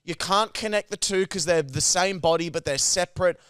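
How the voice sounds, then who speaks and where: A man's voice: high-pitched, a little fast, clear, resonant tone, no room sound, studio quality. An Australian man co-hosting a podcast, telling stories in casual, profane chat. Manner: animated, profane storytelling. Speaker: podcast co-host.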